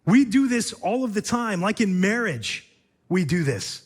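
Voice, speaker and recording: Male pastor, sermon delivery, higher register, measured and emphatic with rhetorical repeats. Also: big pitch swings.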